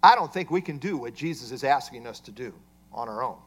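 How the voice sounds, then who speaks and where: A man's voice: medium pitch, expressive, a little fast. A man preaching an expository sermon, explaining a Bible passage and asking rhetorical questions. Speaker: pastor.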